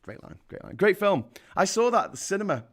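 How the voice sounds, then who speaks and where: A man's voice: sits high, big pitch swings, fairly quick, a bit bright, breathy edge. A man in his forties hosting a casual history live stream and reading out the chat. He talks in a chatty, jokey way and often restarts his sentences. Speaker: history show host.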